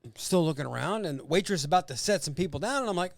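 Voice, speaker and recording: A man co-hosting a casual podcast chat, spinning stories in an animated, profane way. His voice sits fairly high for a man and swoops all over the place. The sound is close and dry. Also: racing, creaky, dry recording. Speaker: podcast co-host.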